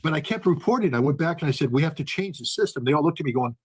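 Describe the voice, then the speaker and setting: Male guest, husky voice, animated storyteller who acts out the dialogue. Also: a little high, racing. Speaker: guest, former weapons inspector. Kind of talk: storytelling in a conversation.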